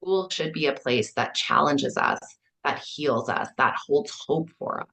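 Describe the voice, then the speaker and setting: A middle-aged Canadian kindergarten teacher with a Canadian accent, earnestly telling stories in a podcast interview and acting out the quotes with animation. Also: female voice, sits low, measured pace, vocal fry. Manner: earnest, storytelling, acts out quotes with lively animation. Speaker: kindergarten teacher and author, guest.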